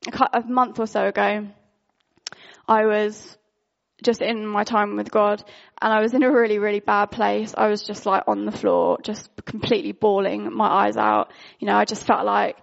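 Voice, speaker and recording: A woman's voice: mid-range voice, level tone, moderate pace, gravelly, highs cut off. A woman giving an informal, candid sermon, talking conversationally with frequent fillers. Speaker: worship speaker.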